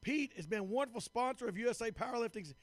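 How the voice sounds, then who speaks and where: Hoarse male event announcer, high voice, dry sound, eager and upbeat. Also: expressive, fast talker, no echo. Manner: upbeat, eager, keeps affirming with "absolutely". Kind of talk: live event interview. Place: at a live powerlifting meet.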